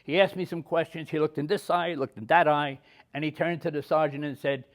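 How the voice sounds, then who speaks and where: A man's voice: fairly high pitch, fairly even intonation, brisk. A man in his seventies, an army veteran, telling personal stories in a plain-spoken way. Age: 70s. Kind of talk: personal war storytelling.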